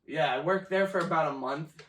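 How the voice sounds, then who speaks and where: Young man, fairly high voice, cussing storyteller, echoey room, mic kinda far. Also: a little fast, a little hiss or hum. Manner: profane, animated storytelling with laughter. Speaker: storyteller guest. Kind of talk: casual chat.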